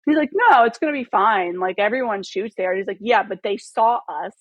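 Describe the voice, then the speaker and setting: Animated, swearing woman telling a story. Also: medium pitch, brisk, no room sound, muffled recording. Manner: animated storyteller, swearing freely, acting out quoted dialogue. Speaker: podcast guest, photographer and former model. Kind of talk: casual storytelling in a podcast interview.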